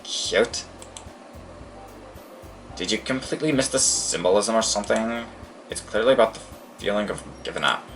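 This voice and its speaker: Prickly teen girl, voiced by a man in a low-key read: curt, dismissive, scornful. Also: moderate pace, pauses often, a bit bright, far from the mic, soft background music. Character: blunt, prickly teenage girl.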